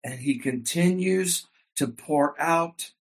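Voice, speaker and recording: A man's voice: fairly high pitch, takes it slowly. A man preaching a sermon with fervor and emphatic repetition, calling his congregation by a Hebrew word. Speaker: pastor.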